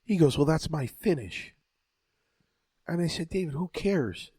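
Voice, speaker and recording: A man's voice: on the high side, lively intonation, a little slow, mellow, slightly rough, no room sound. A man, a former wrestler and podcast co-host, telling a long story in a rambling, profane way with stumbling restarts. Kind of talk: casual storytelling banter.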